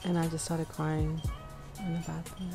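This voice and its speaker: Tired young woman vlogging, kinda low and gravelly, out of breath, lots of likes, music in the back. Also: little pitch movement, normal speed. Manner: soft, tired, filler-heavy talk. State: drained and out of breath. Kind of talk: casual vlog chat. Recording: music playing behind.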